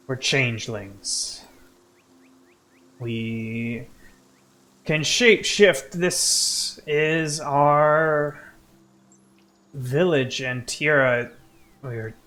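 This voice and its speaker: A man's voice: mid-range voice, extremely slow, long pauses, sharp tone. A man voicing a grave, defensive male changeling in a tabletop game, with faint music behind.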